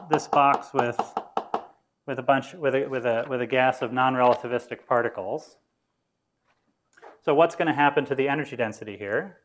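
A man lecturing on physics to students in a lecture room, informal and explanatory, thinking aloud as he goes. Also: mid-range voice. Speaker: university lecturer.

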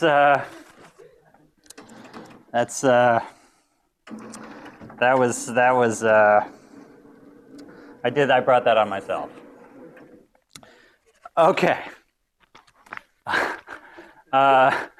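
A man's voice: mid-range voice, lively intonation, very slow, pauses often, a little hiss or hum. A man giving a live lecture on stage, chatty and self-deprecating, with many fillers.

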